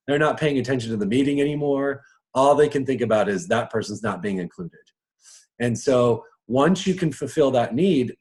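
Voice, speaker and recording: In a casual live session, a man coaches listeners on their personal strengths, often chuckling and breaking into quick impressions. He has a medium-pitched voice with a darkish tone.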